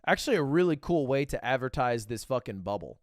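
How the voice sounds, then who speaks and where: A man's voice: medium pitch, quick pace, over music. A man streaming live, chatting casually and reacting to videos with profane jokes. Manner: animated, profane, joking.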